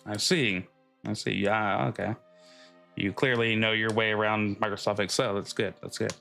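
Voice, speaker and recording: A man's voice: fairly low pitch, flat delivery, moderate pace, creaky, fairly bright tone, faint music behind. A man streaming a game live, joking about the story, laughing often and talking to his dog. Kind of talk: live gameplay commentary.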